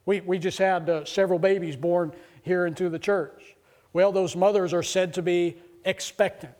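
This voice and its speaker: Middle-aged man, pastor, sermon, high-pitched voice, conversational to fervent. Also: moderate pace. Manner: conversational testimony rising to excited preaching.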